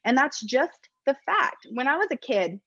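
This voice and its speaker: A woman's voice: sits high, very animated, moderate pace, fairly bright tone, no room sound. A woman giving a casual motivational talk as a network marketing presenter. She is chatty and self-deprecating and laughs often, in a dull, dry recording.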